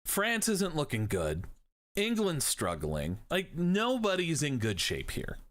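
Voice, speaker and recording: A man's voice: a little high, wildly swooping pitch, slow, a bit bright. A man teaching history on a live stream, talking in a casual, jokey way and swearing now and then. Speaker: history professor.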